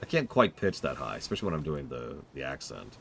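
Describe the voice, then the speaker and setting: A man's voice: rumbling low, very animated, fast talker, creaky, background noise. A man giving casual, opinionated commentary while streaming a game, joking with his chat.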